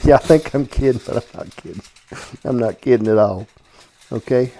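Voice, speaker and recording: In his home kitchen, a man hosts a cooking show, chatting casually and joking with whoever is filming. His mid-range, mellow voice moves at a moderate pace, folksy and forever asking "okay?". A little hiss or hum sits under the recording.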